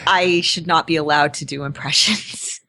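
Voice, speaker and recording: A woman's voice: deep voice, pushed and bright, no room sound. A woman co-hosting a podcast in casual chat, talkative and self-deprecating, often laughing. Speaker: podcast co-host.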